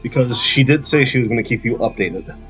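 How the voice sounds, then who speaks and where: A man's voice: medium pitch, lively intonation, brisk, a bit bright, faint music behind. A man narrating as game master, loose and giggly, filling his talk with "like".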